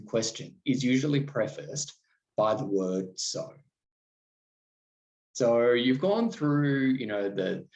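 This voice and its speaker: Slow, lively-voiced man. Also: medium pitch, lo-fi sound. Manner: conversational, reflective, with restarts and acted quotes. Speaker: podcast host. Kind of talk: solo podcast monologue.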